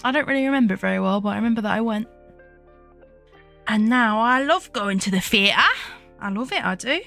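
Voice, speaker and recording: A woman's voice: on the high side, lively intonation, fairly quick, vocal fry, fairly bright tone, faint music behind. A young woman streaming as a VTuber, chatting casually while she draws, giggling often, swearing freely and poking fun at herself. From United Kingdom.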